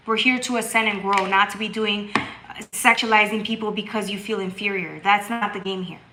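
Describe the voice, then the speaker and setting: Bright-voiced woman hosting a tarot livestream. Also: medium pitch, steady tone, brisk, slight background noise. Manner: blunt and scolding, reads chat aloud, bursts into loud laughter. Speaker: tarot reader and livestream host. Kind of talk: casual livestream chat with viewers.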